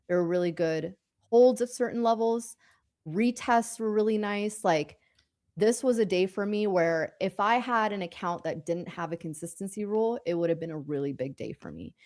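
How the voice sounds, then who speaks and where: A woman's voice: lowish voice, darkish tone. A woman co-hosting a live trading stream, talking casually, rambling and restarting her sentences, laughing often. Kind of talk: casual chat.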